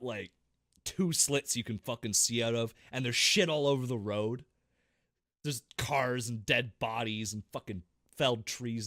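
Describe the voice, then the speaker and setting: A man co-hosting a casual gaming podcast, telling stories in an animated way and swearing constantly. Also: mid-range voice, no echo, studio quality. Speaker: podcast co-host.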